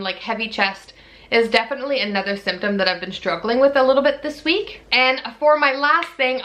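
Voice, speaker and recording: Bright-voiced chatty young mom vlogger. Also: female voice, fairly high pitch. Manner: chatty, candid, slightly breathless. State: out of breath. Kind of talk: casual pregnancy update vlog.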